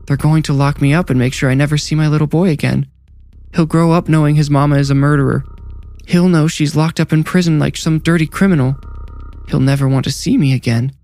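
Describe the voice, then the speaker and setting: A desperate young nurse, sobbing and pleading in a high, wet, tearful voice, as a male narrator puts her on. It is a horror story reading with faint music underneath. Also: fairly even intonation, fairly quick, darkish tone, dry recording, lightly acted.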